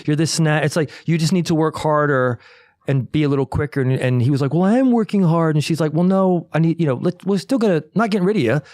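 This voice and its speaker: A man's voice: on the high side, fast, darkish tone, no room sound, studio quality. A young adult man co-hosting a podcast, telling a story in casual chat, acting out the voices and swearing freely. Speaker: podcast co-host.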